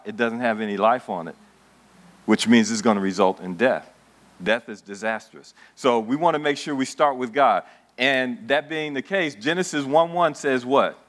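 A man's voice: mid-range voice, expressive, normal speed. A man preaching a sermon to a congregation, building emphasis and asking the room questions. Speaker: pastor. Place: church in front of a congregation.

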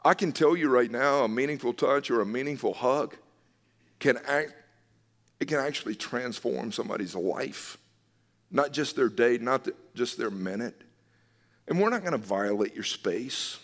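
A man's voice: mid-range voice, animated, normal speed, a bit bright, big-room sound. A man, a pastor, preaching a sermon in an earnest, emphatic way, repeating his key phrases.

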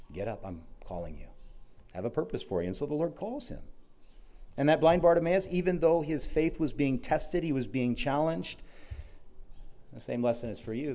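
A man preaching a sermon, retelling gospel stories and dropping his voice softly when quoting the words of Jesus. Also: mid-range voice. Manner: storytelling, quietly voicing Jesus' words. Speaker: pastor.

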